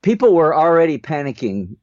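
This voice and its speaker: Animated storytelling man, lively pitch. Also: brisk, no echo. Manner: animated storyteller who acts out the people in his stories. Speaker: podcast co-host. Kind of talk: casual storytelling chat. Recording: dull dry lo-fi sound.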